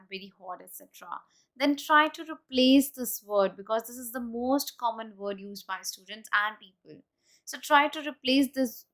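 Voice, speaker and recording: A woman's voice: fairly high pitch, fairly bright tone. Indian woman teaching English speaking. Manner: explains step by step, models example sentences aloud. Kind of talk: exam-prep lesson.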